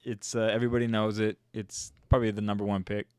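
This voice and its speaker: A man's voice: on the low side, level tone, fast, darkish tone, smooth, no echo, clean studio sound. A young man cohosting a podcast, joking and laughing in casual banter. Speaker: podcast co-host. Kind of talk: casual chat.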